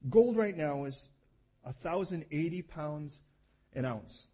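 A man preaching a lively, humorous sermon, often acting out the voices in the stories he tells. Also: a little high, slow. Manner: animated, humorous, acts out voices.

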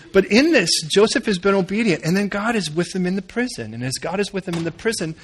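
A man preaching a sermon, telling a Bible story in an animated, humorous way. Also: high voice. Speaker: pastor.

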